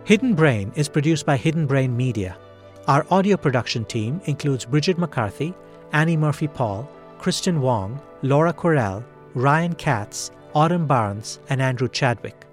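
A man hosting a podcast, reading scripted narration in a calm, measured way. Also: mid-range voice, soft background music. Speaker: podcast host.

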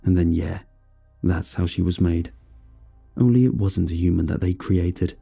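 A gruff, bearded truck driver in his mid-thirties, blunt and matter-of-fact, as a man reads him in a horror story. The voice is gravelly and breathy, with a very dark tone. Faint music plays underneath. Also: low-pitched, a little slow, full character voice.

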